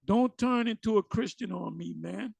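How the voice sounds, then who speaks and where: High gravelly-voiced man teaching scripture. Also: normal speed, a little mellow, no room sound. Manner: conversational and challenging, addresses listeners directly. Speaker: Bible teacher.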